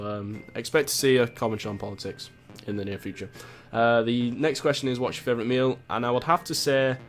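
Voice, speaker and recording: A YouTuber in his twenties from Greater Manchester, England, works through viewer questions in a casual Q&A vlog. His lowish voice carries a local accent with a touch of Yorkshire, and he rambles, jokes and swears as he goes.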